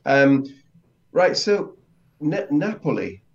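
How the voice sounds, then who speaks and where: A man's voice: fairly high pitch, sing-song, slow pace. A man from England learning Italian, asking curious, tentative questions in a conversational lesson. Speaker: learner and co-host. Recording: dull lo-fi sound.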